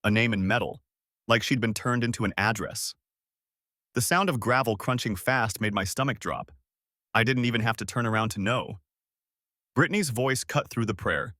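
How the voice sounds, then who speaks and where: A man telling a first-person story with a dramatic, emphatic delivery. His pitch moves a lot across a middle register, and the voice sounds dry and close to the mic. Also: sing-song, moderate pace, fairly bright tone, no room sound.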